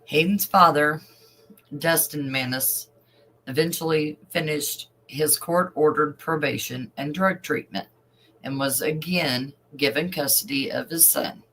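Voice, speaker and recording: A man's voice: on the high side, fairly even intonation, bright, forceful tone, poor audio. A man reading a news story aloud and adding emotional asides as an online commentator. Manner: slow, emotional asides between read passages.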